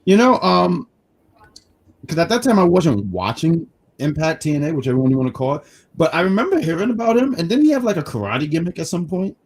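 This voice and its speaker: A man co-hosting a casual wrestling review stream, talking in quick restarts and reading chat comments aloud. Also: a little high, sing-song, a little mellow. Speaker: wrestling review show co-host.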